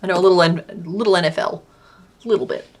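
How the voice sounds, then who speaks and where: A woman's voice: lowish voice, fast. An Australian woman chatting casually on a live stream while she crochets, answering her chat and laughing often.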